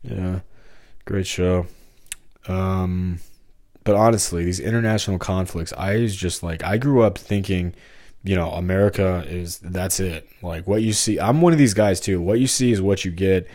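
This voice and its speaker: A man's voice: low voice, normal speed, a little mellow, no echo, studio quality. A man hosting a solo podcast, talking in a meandering monologue that keeps jumping between topics and interrupting itself. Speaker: podcast host.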